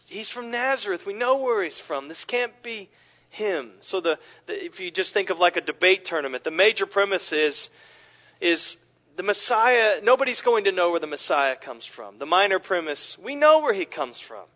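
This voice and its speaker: Male preacher, emphatic sermon delivery, high voice, dull lo-fi recording. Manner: animated, emphatic, with frequent restarts. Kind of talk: expository sermon.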